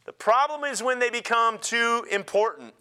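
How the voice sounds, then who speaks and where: A man pastor preaching a sermon in an animated way, joking and laughing with the congregation. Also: very high voice, normal speed, clean tone.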